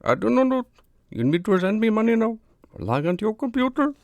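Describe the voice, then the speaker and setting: A shrill pushy phone scammer with a mock Indian accent. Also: male voice, sing-song, a little fast, dry recording. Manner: insistent, urgent commands. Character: pushy male phone scam caller demanding money.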